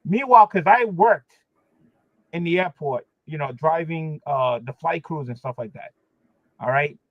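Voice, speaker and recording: A man holds court on a livestream in a casual, animated way, leaning hard on his complaints and padding them with fillers. His voice sits a little high. It comes through dry and close, but the sound is dull and lo-fi. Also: a little slow, no echo. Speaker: livestream host. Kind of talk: casual chat.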